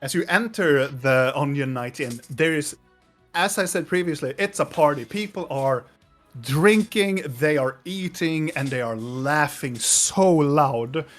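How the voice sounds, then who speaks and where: A man narrating a tabletop game as game master, halting with many fillers and restarts. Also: a little high, expressive, soft background music.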